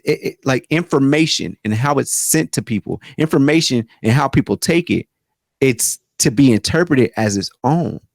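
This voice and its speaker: A man co-hosting a podcast in casual chat, rambling and animated with many restarts. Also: on the high side, no room sound, studio quality. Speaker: podcast co-host.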